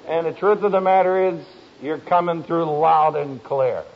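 A man speaking to an audience as a family counselor, telling stories in a slow, emphatic way with dry humor. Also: a little high, creaky. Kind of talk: speech to an audience. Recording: dull lo-fi recording.

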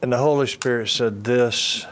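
A man's voice: mid-range voice, normal speed. Older man giving earnest testimony. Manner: earnest storytelling with repeated phrases and restarts. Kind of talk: personal testimony talk.

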